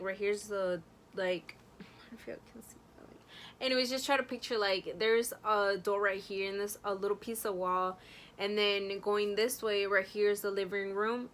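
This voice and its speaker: A woman's voice: mid-range voice, sharp tone, a little hiss or hum. Chatty young woman telling a story. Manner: chatty, many fillers, addresses viewers directly. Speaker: vlogger. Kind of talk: casual storytelling to camera.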